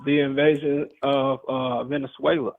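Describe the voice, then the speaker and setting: A man's voice: medium pitch, level tone, normal speed, vocal fry. A man in his forties calling into a debate show, speaking hesitantly with fillers. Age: 40s. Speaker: caller. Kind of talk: phone-in debate. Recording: tinny phone line.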